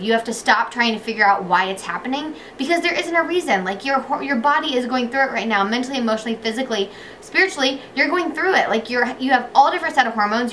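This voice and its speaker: A young woman talks straight to her viewers in a casual, heartfelt way, her voice bright and clear. She speaks earnestly and often sinks to a near hush when the feelings run deep. A faint noise sits under the recording. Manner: earnest, heartfelt, softening to a hush on emotional moments. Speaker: vlogger. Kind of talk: casual chat to camera.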